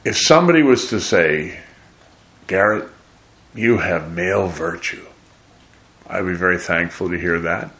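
An older man preaches in a fairly low voice. He talks in a loose, conversational way, often breaking into the voices of people he is quoting. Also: unhurried, long pauses, a bit bright. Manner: conversational, rambling, acts out quoted voices. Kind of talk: sermon.

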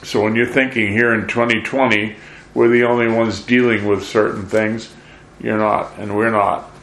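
A man's voice: fairly low pitch, level tone, moderate pace, fairly bright tone, echoey room. A man leading a sermon, singing scripture lines and then talking to his listeners in a conversational preaching manner. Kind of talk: sung worship then sermon.

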